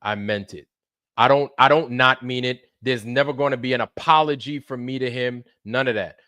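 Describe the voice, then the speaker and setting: A man's voice: medium pitch, moderate pace, no room sound, clean studio sound. Profane ranting man on a livestream. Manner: profane, repetitive, swings between muttering and shouting. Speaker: live streamer. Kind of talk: heated livestream rant.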